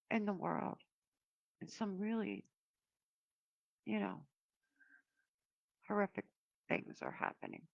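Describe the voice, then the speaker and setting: A woman giving a casual spiritual card reading to her viewers, talking in a meandering, reflective way with many pauses. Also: mid-range voice, creaky, no room sound, lo-fi sound. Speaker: oracle card reader.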